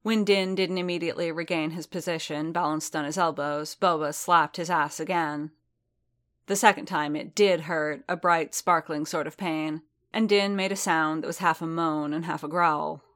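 A woman narrating fiction in a measured, steady reading. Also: low voice.

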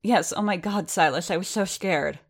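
An eager young gentleman with an endlessly cheerful heart, as a woman reading an audiobook puts him on. He talks in hesitant, hopeful bursts, pausing and restarting as ideas spill out, in a low voice that lifts when he gets keen. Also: husky. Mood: anxious relief. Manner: hesitant and hopeful, words tumbling out. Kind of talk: audiobook character voice.

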